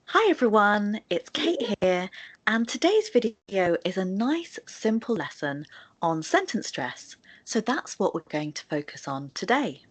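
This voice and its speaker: A woman's voice: mid-range voice, sing-song, a little slow, slightly rough. A woman presenting a scripted video lesson on sentence stress, explaining with spoken examples. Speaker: English tutor in a video.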